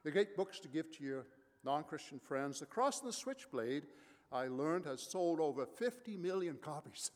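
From the pulpit, a pastor whose voice sits a little high for a man preaches with animation at a moderate pace, his tone a little mellow. He hammers his points home with emphasis and rhetorical questions, and a long reverb lingers in the big room.

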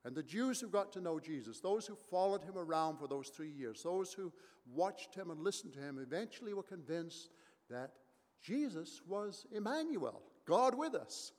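Pastor preaching in an echoing hall. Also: male voice, fairly high pitch, lively intonation, moderate pace, darkish tone. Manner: emphatic preaching with rhetorical questions. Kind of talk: sermon.

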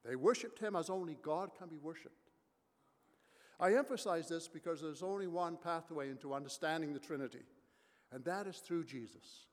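A man's voice: on the high side, moderate pace, big-room sound. A man preaching a sermon as pastor, emphatic and full of rhetorical questions.

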